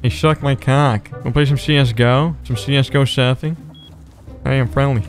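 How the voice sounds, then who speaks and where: A man's voice: mid-range voice, fairly even intonation, fairly quick, faint music behind. A man streaming a survival game, chatting casually and taunting other players with crude jokes. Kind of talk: casual gameplay chat.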